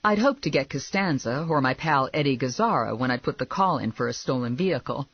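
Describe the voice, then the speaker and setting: A woman reading a novel aloud in the first person, wry and conversational. Her voice is slightly breathy, with a lively rise and fall. The recording is dry and dull. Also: a bass voice, brisk, no echo. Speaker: audiobook narrator.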